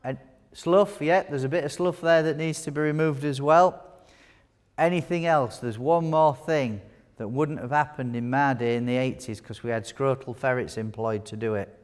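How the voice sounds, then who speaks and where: A man teaching wound care to a live audience, chatty and full of jokes as he fires questions at the room. His voice sits at a middling pitch. It rings with the long reverb of a large hall. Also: moderate pace, few pauses, smooth. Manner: chatty, jokey, quizzes the audience. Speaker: wound care nurse presenter. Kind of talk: live conference teaching talk.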